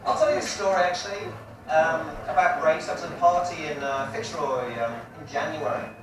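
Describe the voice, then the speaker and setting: A man in his forties delivers a stand-up comedy set with brash, crude punchlines, his voice fairly high and a little fast. The live room is echoey, the mic far off, and audience noise comes through.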